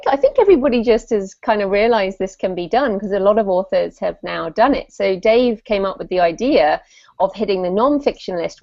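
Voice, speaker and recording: Brisk, upbeat woman podcast guest. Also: mid-range voice, warm tone, no room sound, dull audio. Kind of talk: casual podcast chat.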